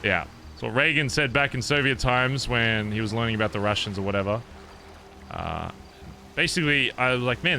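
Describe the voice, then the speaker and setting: Young male roleplay streamer, forceful and bright tone, animated and profane, telling a long story in character. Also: medium pitch, slight background noise. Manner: animated, profane, rambling recounting. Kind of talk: in-character storytelling to other players.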